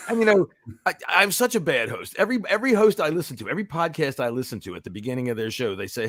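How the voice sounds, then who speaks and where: Man, podcast host, hoarse, lively pitch, rambling, dry close mic. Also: very fast, dry recording. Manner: animated, rambling, swears freely. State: voice worn from cheering. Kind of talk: casual chat.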